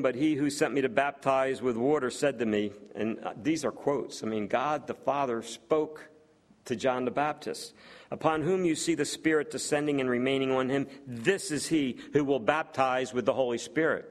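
A man's voice: mid-range voice, moderate pace. A man preaching a sermon, reading scripture aloud and putting rhetorical questions to the congregation. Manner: reads scripture aloud between remarks.

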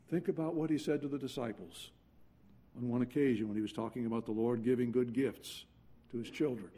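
A man preaching a sermon earnestly, dropping to quiet intensity and then rising into urgent passages. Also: mid-range voice, fairly even intonation, fairly quick.

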